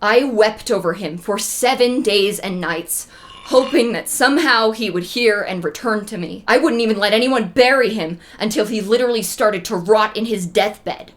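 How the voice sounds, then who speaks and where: A woman voicing a furious, grief-stricken legendary king, with loud shouted threats and a mournful lament. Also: mid-range voice, normal speed, lightly acted. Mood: grieving. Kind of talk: casual storytelling with acted quotes.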